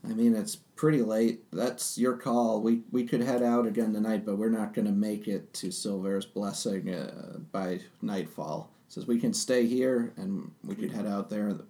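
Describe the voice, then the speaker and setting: A man narrating a tabletop role-playing game as game master, relaxed with frequent hesitations. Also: on the low side, measured pace, hardly any pauses. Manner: relaxed, hesitant, many ums.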